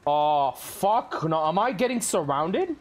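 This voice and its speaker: A man's voice: fairly high pitch, sing-song, slow pace. A male streamer giving live commentary on a horror game, jumpy and swearing a lot while talking to his chat.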